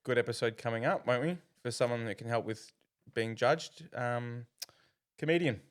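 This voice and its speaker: A man's voice: mid-range voice, moderate pace, smooth. A man, co-hosting a casual podcast and chiming in with short quips that finish his partner's sentences. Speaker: podcast co-host.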